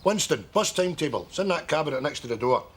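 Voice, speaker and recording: An actor playing a brisk Scottish pensioner who hands out orders. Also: male voice, a little high, animated, slightly rough. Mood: bossy.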